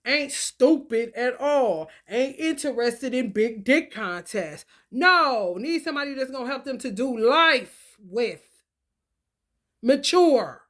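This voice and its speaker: High-voiced woman chatting slowly with viewers. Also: lively intonation, a bit bright. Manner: profane, laughs often, talks back to her viewers. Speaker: stream host reading oracle cards. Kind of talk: casual livestream chat.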